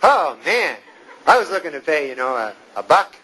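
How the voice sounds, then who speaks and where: A young man from Canada doing a stand-up set in a comedy club, with a deadpan, rambling delivery and drawn-out pauses. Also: a little high. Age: 20s. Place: comedy club stage with live audience. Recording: loud crowd laughter and noisy live room.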